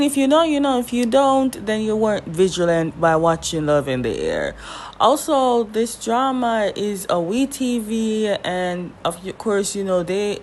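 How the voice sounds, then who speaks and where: A woman giving casual reaction commentary on a drama trailer, chatty and sassy, talking straight to the characters, with big jumps in pitch for emphasis. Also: a little hiss or hum. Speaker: drama trailer recap vlogger.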